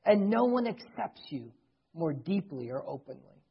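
A middle-aged man preaching a sermon as pastor, earnestly, swelling loud and then dropping soft. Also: a little high, very animated, moderate pace, slightly rough. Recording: dull lo-fi recording.

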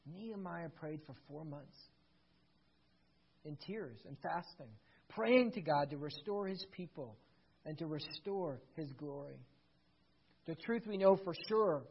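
A pastor preaching a sermon, dramatic, swinging between hushed passages and loud, emphatic ones. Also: mid-range voice, lively intonation, a little slow, long pauses, breathy edge. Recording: slightly dull lo-fi recording.

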